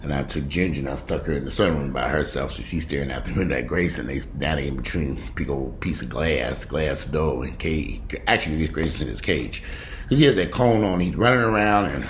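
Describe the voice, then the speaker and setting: Deep-voiced, lively man vlogging. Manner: chatty, digressive, swears freely. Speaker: news commentary vlogger. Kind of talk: casual news commentary vlog. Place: at home. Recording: noisy home recording with dogs. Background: dogs barking and whimpering.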